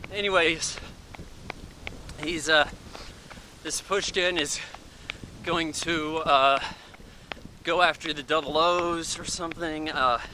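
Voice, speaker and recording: A man's voice: a little high, sharp tone, a little hiss or hum, rough recording. A man giving a casual, rambling spoken film review in an offhand way. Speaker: movie reviewer.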